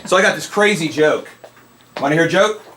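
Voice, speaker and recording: A man's voice: a little high, brisk. A man who owns an arcade and hosts a podcast, chatting and telling jokes in a casual, joking way. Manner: joking, laughing, animated. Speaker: arcade owner and podcast host. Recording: roomy hall, distant mic, faint noise.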